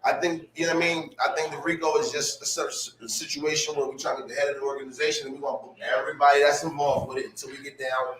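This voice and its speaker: A man in a casual podcast discussion, talking in fast, slangy, loose speech. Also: fairly high pitch, level tone, fairly bright tone. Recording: echoey, distant from the mic, faint background noise.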